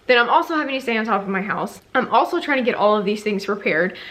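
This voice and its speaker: A young, heavily pregnant woman with a fairly high, somewhat bright voice talks quickly and animatedly. A vlogger and stay-at-home mom, she gives a casual, rambling vlog update full of fillers.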